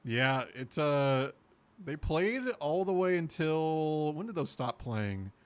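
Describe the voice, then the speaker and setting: A young man chatting casually on a live stream, laid-back and excitable, laughing easily. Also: fairly high pitch, takes it slowly, clean tone.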